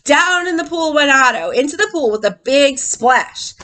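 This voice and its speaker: Animated teacher reading to kids. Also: female voice, high-pitched, moderate pace. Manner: animated, asks the children questions. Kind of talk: reading a picture book aloud to children.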